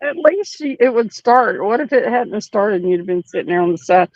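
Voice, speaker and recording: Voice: medium pitch, animated, brisk, no room sound. A co-host in casual chat who throws in short teasing jokes. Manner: teasing, joking interjections. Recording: dull lo-fi sound.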